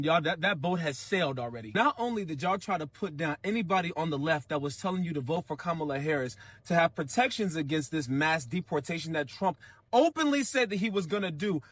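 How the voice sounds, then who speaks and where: A man's voice: high voice, fairly bright tone, no echo. A man giving a blunt, scolding rant in casual slang. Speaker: commentator. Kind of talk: ranting commentary.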